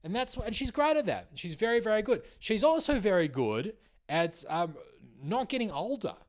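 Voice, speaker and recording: A young man with an Australian accent riffs sarcastically in a comedic podcast monologue. His pitch swings widely and expressively from line to line, and it sits a little higher than most men's. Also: moderate pace. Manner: sarcastic, animated, swears freely.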